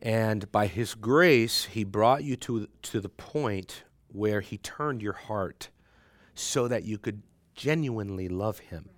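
A man's voice: lowish voice, takes it slowly, no room sound. A man teaching a Bible class in a conversational lecture, joking with and teasing his students and laughing often.

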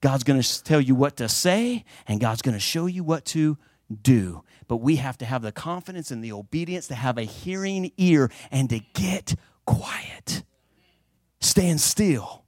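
A man preaching a sermon with fervent emphasis, swinging between loud declarations and hushed passages. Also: medium pitch, animated, measured pace, dry recording, studio quality.

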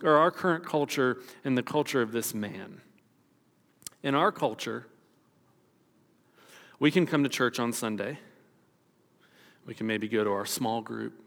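A man's voice: mid-range voice, fairly bright tone, long reverb tail. A man preaching a sermon as pastor, retelling the story and acting out the quoted voices.

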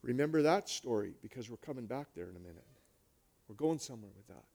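A male pastor preaching a sermon, retelling stories with lively swings between hushed and loud delivery. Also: medium pitch, fast talker, gravelly.

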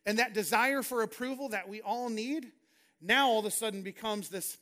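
A man's voice: high-pitched, normal speed, sharp tone. A man preaching a sermon as a pastor, reading scripture and paraphrasing it in an earnest, conversational way.

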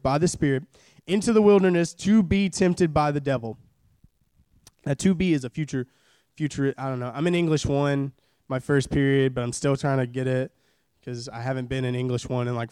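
A young man in his twenties delivers a church sermon in a loose, joking way, hammering points home by repeating them. His voice sits a little high and sounds smooth and resonant. The sound is close and dry. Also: a little mellow, dry recording. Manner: casual, joking, repeats phrases for emphasis. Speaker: preacher. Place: church service.

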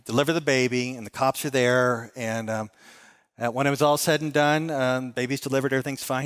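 A man's voice: mid-range voice, a bit bright, clear, resonant tone. A man preaching in an echoing hall. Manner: earnest, storytelling, with repeated phrases and restarts. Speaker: pastor. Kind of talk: sermon. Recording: long hall reverb.

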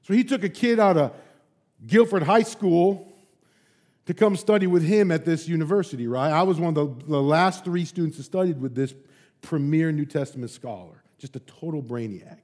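Brief: preacher with a high voice, lively storyteller, chatty asides. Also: male voice, fairly quick. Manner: animated storytelling, frequent asides. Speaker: pastor. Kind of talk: sermon.

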